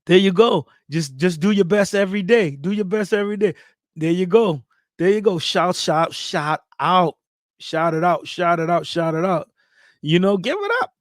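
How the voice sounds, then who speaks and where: Hyped male streamer giving shout-outs. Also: high-pitched, moderate pace, no room sound, clean studio sound. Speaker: livestream host. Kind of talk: casual livestream chat reading viewer comments.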